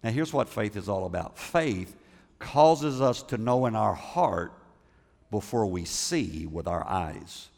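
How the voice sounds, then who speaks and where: A man's voice: lowish voice, expressive, slow, vocal fry, a little mellow, long reverb tail. A man preaching a sermon in a conversational way, often repeating words and putting questions to the congregation. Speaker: pastor.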